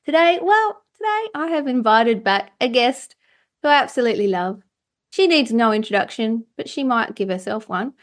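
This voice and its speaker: A woman's voice: a little high, expressive, normal speed. A woman hosting a podcast in casual chat, playful and laughing often. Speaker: podcast host.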